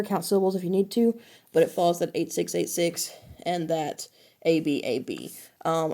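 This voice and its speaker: A woman's voice: medium pitch, creaky, a little mellow. A woman teacher giving a recorded class lesson, talking casually and checking in often with "okay?".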